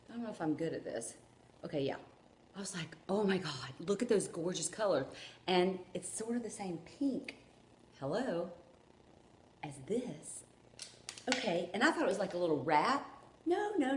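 A woman vlogging an unboxing at home, gushing and rambling with excitement. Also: fairly low pitch, slight background noise. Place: room at home. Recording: echoey room with faint ambience.

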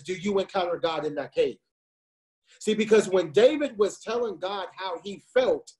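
A high, darkish male voice belongs to a youth speaker in his twenties. He delivers an impassioned sermon to young people through a video call, frequently telling them "listen to me."

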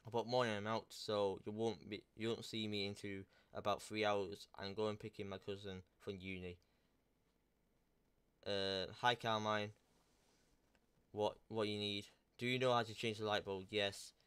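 Young guy, low clear voice, casual crude storytelling vlog, swears, rambles, corrects himself. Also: flat delivery, measured pace, fairly bright tone. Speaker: YouTuber. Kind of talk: casual storytelling, reading out texts.

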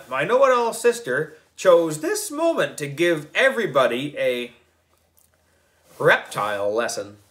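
Guy reading a kids book out loud, slow and expressive, lots of ups and downs. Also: a little high. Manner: expressive, deliberate storytelling. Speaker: book club reader. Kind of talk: storybook narration read aloud.

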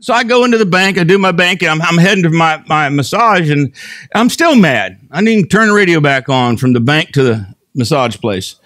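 A man in his sixties preaching a sermon as a pastor, telling stories in an animated way and breaking into shouts. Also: on the high side, a little fast. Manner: animated storytelling, bursts into shouts.

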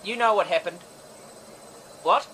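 An actor with a New Zealand accent playing a rambling, apologetic band manager juggling phone calls in a radio sitcom. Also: male voice, high voice, measured pace, sharp tone, a little hiss or hum, poor audio. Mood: indignant. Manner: rambling, apologetic, easily flustered. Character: flustered male manager fielding phone calls.

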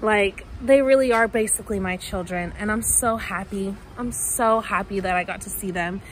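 A young woman vlogging casually from a parked car, chatty and gushing with excitement. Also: medium pitch, normal speed, a little hiss or hum, low-quality recording. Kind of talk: casual vlog talk to camera.

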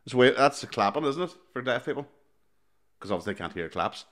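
A man, co-hosting a podcast in casual chat, teasing and asking quick questions. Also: mid-range voice, expressive, fairly bright tone. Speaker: podcast co-host.

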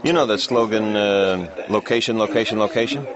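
A man playing a boastful former real estate man, who speaks in a smug, slow way. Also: on the low side, pitched below the performer's own voice, lightly acted. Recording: dull audio with crowd chatter and clinking glasses. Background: crowd chatter and clinking glasses.

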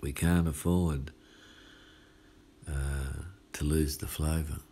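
A man's voice: extremely low pitch, fairly even intonation, takes it slowly, dark tone, husky. A male pastor with an Australian accent, giving a casual midweek sermon in a folksy, chatty way and often asking "hey?". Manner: folksy and chatty, asks "hey?" often, laughs at his own lines.

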